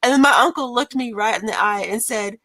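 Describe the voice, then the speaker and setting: A woman co-hosting a casual podcast chat, telling stories in an animated, giggly way. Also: a little high, fairly quick, dry recording. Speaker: podcast co-host.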